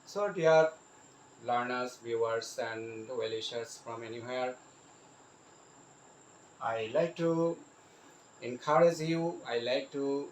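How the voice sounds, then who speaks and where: A man teaching English grammar, repeating each example sentence slowly and addressing his viewers directly. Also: mid-range voice, roomy sound, slight background noise, rough recording. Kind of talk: grammar lesson.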